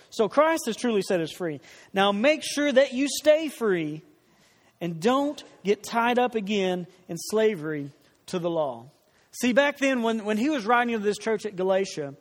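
A man's voice: sits high, long reverb tail. A man preaching a sermon in a church, earnest, repeating phrases for emphasis and asking the congregation questions. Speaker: pastor.

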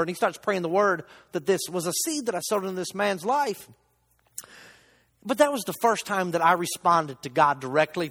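A man preaching a sermon in a church, telling stories with lively, acted-out quotes. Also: sits high, in a large hall. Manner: animated storytelling, acts out quotes. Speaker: lay preacher.

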